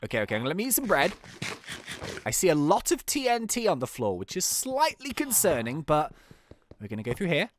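A man hosting a game video, excitably playing and commenting, with frequent exclamations and laughs. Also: a little high, brisk, slight background noise.

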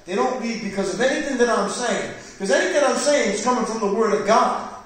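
A man's voice: very high voice, a little fast. A man pastor leading a Bible study sermon in a church, preaching fervently with rising emphasis. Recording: echoey church hall, distant mic.

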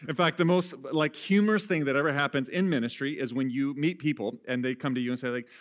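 A man preaching a sermon as pastor, conversational and self-deprecating, often laughing at himself, and swinging from quiet, hushed lines to loud, raised ones. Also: mid-range voice, fast, few pauses.

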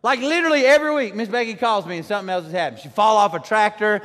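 A man preaching a sermon, animated, shouting some lines and drawing others out slowly. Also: very high-pitched, in a large hall. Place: church sanctuary.

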